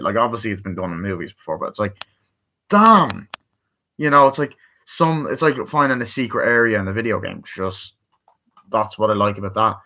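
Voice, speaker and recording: A man's voice: lowish voice, sharp tone, slight background noise. A tired man casually reviewing a movie, rambling and swearing, with lots of fillers and restarts. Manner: rambling, full of fillers and profanity. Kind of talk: casual spoken film review.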